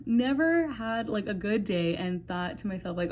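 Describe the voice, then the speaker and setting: A woman's voice: a little high, moderate pace, a little mellow. Candid young woman rambling with swears. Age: 20s. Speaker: vlogger. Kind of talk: casual talk to camera.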